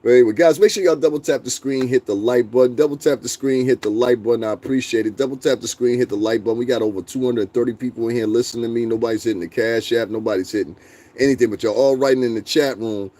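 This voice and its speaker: Talking fast in a mellow, medium-pitched voice, a young livestream host keeps things casual, blunt, and full of swearing. He laughs frequently and responds to his chat.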